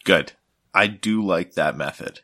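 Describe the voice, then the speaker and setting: A man's voice: low voice, unhurried, bright, forceful tone, no echo, clean studio sound. A man co-hosting a podcast in casual chat, laughing often and riffing on ads. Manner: laughs a lot, acts out ads in a mock announcer voice. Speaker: podcast co-host.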